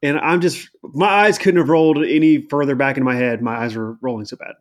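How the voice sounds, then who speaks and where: A man's voice: medium pitch, steady tone, a little fast. Exasperated man recapping casually. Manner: exasperated, rambling with fillers and mocking asides. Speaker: podcast co-host. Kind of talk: casual chat recapping a wrestling show.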